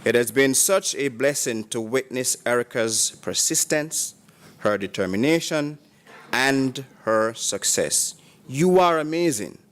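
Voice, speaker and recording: A man at a graduation ceremony reading prepared tributes aloud, in a measured, formal manner and in short phrases. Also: medium pitch, animated.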